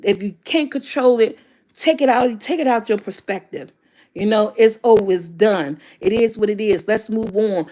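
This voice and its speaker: A woman's voice: on the high side, normal speed, a little mellow. A woman in her fifties giving casual motivational talk as a vlogger, candid and emphatic, swearing freely. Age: 50s.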